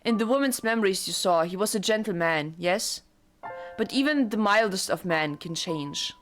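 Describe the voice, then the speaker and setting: A woman voicing a chillingly gentle young maid, speaking softly and formally as she reads a visual novel aloud. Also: mid-range voice, lively intonation, normal speed, faint music behind, lightly acted. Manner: soft, formal and courteous.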